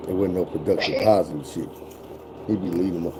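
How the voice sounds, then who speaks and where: A man's voice: low voice, steady tone, fairly quick, a little mellow, slight background noise, low-quality recording. Blunt, cussing man in his forties. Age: 40s. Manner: profane, blunt, drawling storyteller. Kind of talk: casual storytelling chat.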